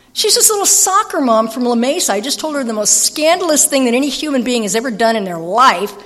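Fast-talking woman telling a story. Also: high voice. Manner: fast-talking, animated, self-mocking. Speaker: speaker sharing recovery story. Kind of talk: storytelling talk. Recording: long hall reverb.

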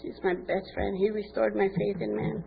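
A woman's voice: mid-range voice, level tone, moderate pace, creaky, soft background music. An older woman telling her recovery story candidly at a meeting, acting out quoted dialogue. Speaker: speaker sharing at a recovery meeting. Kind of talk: personal testimony. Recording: tinny phone-like recording with faint noise.

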